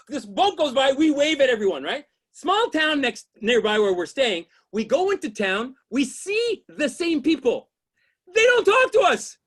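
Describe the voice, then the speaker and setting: Guy doing standup, high voice, rambles then yells the punchline, keeps going "you know what i mean". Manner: rambling setups, shouted exasperated punchlines. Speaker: stand-up comedian. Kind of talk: stand-up comedy set.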